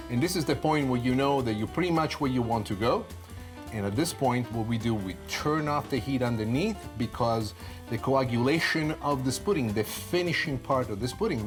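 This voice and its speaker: A man in his sixties with an Italian accent talks through a recipe step by step, stopping to ask himself why and answering it. His pitch sits in the middle of the usual range for a man. Clear music plays behind his voice. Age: 60s. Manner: chatty, explains each step with asides. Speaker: cooking instructor. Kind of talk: cooking demonstration.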